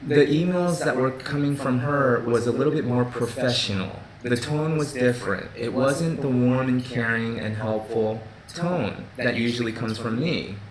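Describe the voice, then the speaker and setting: A man's voice: mid-range voice, normal speed, hardly any pauses, roomy sound, a crowd in the background, rough recording. A man hosting a live Q&A stream from his office, speaking casually with many restarts and repeated "you know" and "right?". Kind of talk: casual livestream talk.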